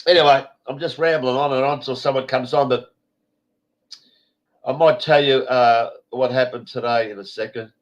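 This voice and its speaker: A man's voice: medium pitch, fairly even intonation, moderate pace. An Australian man hosting an online show, congested and stuffy, rambling in a blunt, foul-mouthed, casual way. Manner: swears freely, blunt and rambling. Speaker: show host. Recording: dull lo-fi stream audio.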